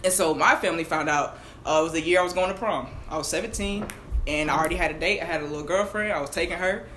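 A young adult podcast co-host telling a personal story in fast, candid, slang-filled casual chat. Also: mid-range voice, pushed and bright. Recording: echoey room, mic at a distance, faint hiss.

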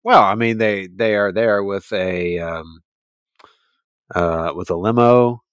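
A man's voice: on the low side, fairly even intonation, slow pace, clean tone, no room sound. A man co-hosting a podcast, chatting casually about a movie with dry, wry remarks. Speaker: podcast co-host.

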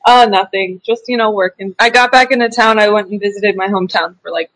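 Woman, from Oklahoma, podcast co-host, bright tone, playful, casual. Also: medium pitch, a little fast, poor audio. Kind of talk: casual chat.

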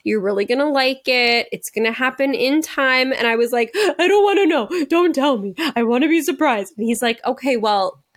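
A woman's voice: a little high, moderate pace, few pauses. A young woman co-hosting a podcast, telling a story in a casual chat and laughing often. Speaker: podcast co-host. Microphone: video call.

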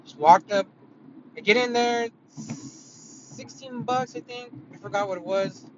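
Casting note: a man with a high voice for a rambling, profane casual story. Dull lo-fi audio from inside a car. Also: huge pitch swings, unhurried, a little hiss or hum. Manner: rambling, heavy swearing, many fillers.

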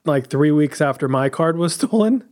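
A man's voice: fairly high pitch, animated, normal speed, darkish tone. A man co-hosting a podcast, making wry, teasing jokes in casual chat. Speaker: podcast co-host.

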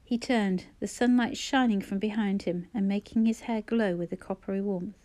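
A woman narrating a novel as an audiobook reader, in measured, even storytelling. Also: medium pitch. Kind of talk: scripted narration.

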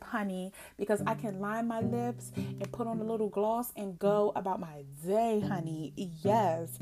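An excited woman talks in a loose, chatty way, full of fillers. Her pitch sits in a middle range. Guitar music plays clearly behind her. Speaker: podcast host. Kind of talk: casual chat.

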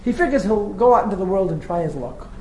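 Roomy-sounding man telling a story. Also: sits high. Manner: lively storyteller, quick asides. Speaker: rabbi teaching a class. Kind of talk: storytelling lecture. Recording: roomy echo with faint noise.

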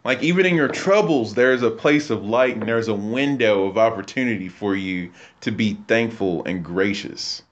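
Muffled man teaching in a relaxed chat. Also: fairly low pitch, moderate pace, hardly any pauses. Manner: animated storytelling, acts out quotes. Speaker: teacher in a faith discussion. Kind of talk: casual faith discussion.

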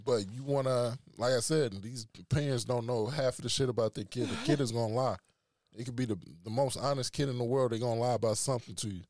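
A man hosting a casual podcast, spinning a wild story in loose slang and breaking into laughs as he goes. His voice sits at a middle pitch and is recorded close and dry, with no room sound at all. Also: steady tone, fast, a little mellow, no room sound. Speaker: podcast host.

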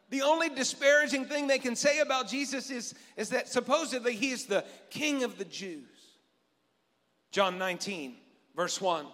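A man's voice: very high voice, expressive, moderate pace, pushed and bright. A man preaching a sermon as pastor, reading scripture and talking it over conversationally, asking the congregation questions. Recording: long reverb in a large hall.

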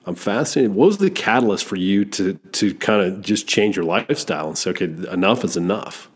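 A man's voice: lowish voice, animated, fairly quick, slightly rough. A man hosting a conversational interview, asking reflective, encouraging questions. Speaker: host.

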